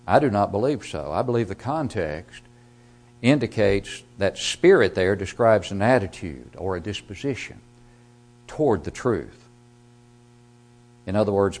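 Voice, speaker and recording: A man preaching a sermon. He reads scripture aloud and explains it, moving from quiet, low passages to loud, emphatic rises.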